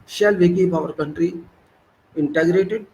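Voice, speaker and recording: A man's voice: high-pitched, fairly even intonation, a little slow, vocal fry, darkish tone, a little hiss or hum, low-quality recording. A man with an Indian English accent delivering an indignant political monologue, lecturing and often restarting his words. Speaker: political commentator. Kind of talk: monologue commentary.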